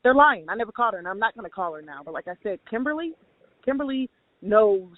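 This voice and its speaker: A man with a high voice talks quickly over a tinny phone line with a dry sound. He is emphatic, backing up the other caller and flatly denying accusations. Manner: emphatic, backs the other speaker up, denies accusations. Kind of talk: heated phone conversation.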